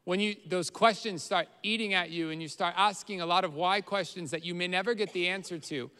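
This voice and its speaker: A man preaching a sermon, earnest, getting louder when he voices a troubled prayer. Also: high voice, brisk, hardly any pauses, clear, resonant tone. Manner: earnest preaching, rises in volume on quoted prayers. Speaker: pastor. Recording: roomy hall reverb.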